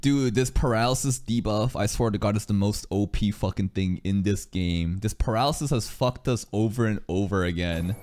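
A man's voice: fairly low pitch, moderate pace, hardly any pauses, soft background music. A man commenting on an anime parody during a live reaction stream, swearing often and laughing along. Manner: profane, excitable, laughing asides.

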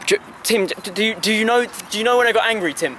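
A young man with a very high, bright voice rants in a stammering, repetitive comic style, breaking into shouts. He is filmed outdoors on a friend's handheld camera, with faint outdoor noise behind him. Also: rapid-fire. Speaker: channel host. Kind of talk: comic ranting vlog. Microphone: camera held by a friend.

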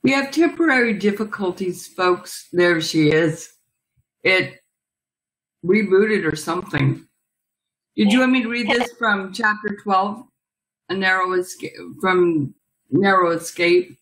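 Bright-voiced woman host. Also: medium pitch, unhurried, rough recording. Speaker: host of a book interview show. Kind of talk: interviewing and reading a book passage aloud.

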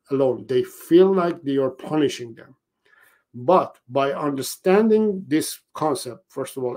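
A man's voice: fairly high pitch, darkish tone. A man who trains dogs, giving a casual live tutorial in a loose, conversational way with many fillers and restarts. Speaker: dog trainer.

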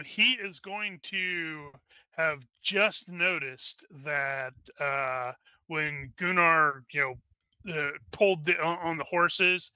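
Male game master, bright crisp voice, dry close mic, halting delivery. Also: a little high, no echo. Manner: halting, many restarts and fillers. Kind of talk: narrating a tabletop game.

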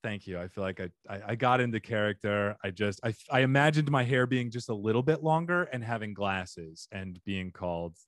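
A man hosting a comedy podcast with a deep, resonant radio voice, joking and self-deprecating in casual chat. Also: fairly quick, hardly any pauses, fairly bright tone, no echo, clean studio sound. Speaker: podcast host.

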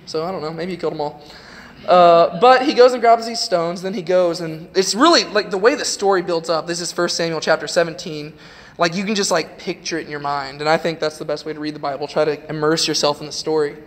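In a church sanctuary, a young youth preacher with a voice on the high side speaks briskly, giving a casual, chatty sermon and retelling a story with lots of "like." Long hall reverb fills the recording.

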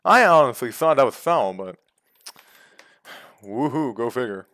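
A man giving play-by-play commentary on a video game baseball league, calm between pitches and yelling on big hits. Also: unhurried, no room sound, clean studio sound. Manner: jumps from calm calls to loud excited yells.

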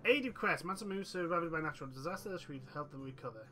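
A man's voice: fairly high pitch, lively intonation, fast talker, rough recording. A man giving casual let's-play commentary, chatting to his units and himself over game music. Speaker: gaming channel host.

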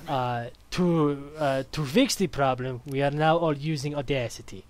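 A man's voice: fairly high pitch, normal speed. A young man talks over a game at his desk mic, swearing freely and cracking jokes. He slips into mock accents for a laugh, in a voice that sits a little above the usual. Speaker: let's play commentator. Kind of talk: casual gaming commentary.

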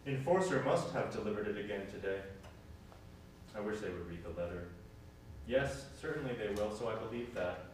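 A man's voice: fairly low pitch, lively intonation, normal speed, natural voice. An actor playing an apologetic man who keeps waiting for a call and repeats his sorrys. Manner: apologetic, repetitive. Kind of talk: stage play reading. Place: theater stage. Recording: echoey stage from far off, faint noise.

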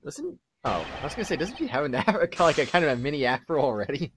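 A man's voice: on the high side, sing-song, fast talker, a little hiss or hum. A man hosting a video game play-through, chatting casually, giggling and rambling. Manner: giggly, rambling, trails off quietly. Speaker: let's play host.

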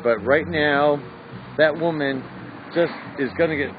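A man's voice: on the high side, measured pace. A tipsy man ranting angrily and profanely in a live phone stream outside a club at night. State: tipsy after a few drinks. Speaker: livestreamer. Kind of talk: angry live-stream rant. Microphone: phone held in hand. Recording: muffled phone audio with street noise.

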